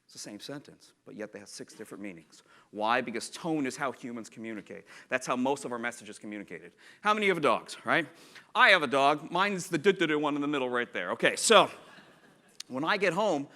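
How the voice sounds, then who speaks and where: Animated, bright-voiced male conference speaker. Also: medium pitch, fairly quick. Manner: animated, playful, acts out quotes. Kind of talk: conference talk with slides. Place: conference room.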